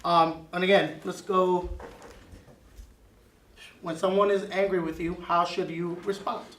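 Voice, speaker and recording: A high-pitched man leads a Bible class, hammering his points home by repeating key words. His voice is caught from across an echoey classroom, with a faint hiss behind it. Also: flat delivery, unhurried, fairly bright tone, recorded from a distance.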